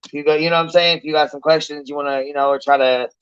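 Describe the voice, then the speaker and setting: A man talking loosely and profanely from home while showing items to his camera on an online panel. His voice sits fairly high and sounds smooth, and the recording is dry and dull, like a webcam mic. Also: steady tone, rapid-fire, fairly bright tone, no room sound. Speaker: panel participant. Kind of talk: casual online panel chat.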